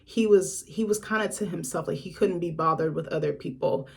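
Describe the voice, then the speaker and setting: Woman vlogger, casual film critic; slightly low-pitched, blunt, swears, sassy asides. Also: fairly quick, vocal fry, a little mellow, husky. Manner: chatty, frank, swears freely, sassy asides. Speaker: film reviewer. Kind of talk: casual film review vlog.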